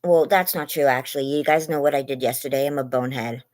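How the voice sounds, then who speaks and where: A woman's voice: extremely low pitch, fairly even intonation, quick pace, darkish tone. A woman chatting casually on a phone livestream from bed, rambling and gushing hellos to viewers by name, her voice getting worn as she says she's losing it. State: losing her voice, lungs hurting. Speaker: livestream host. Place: in bed at home.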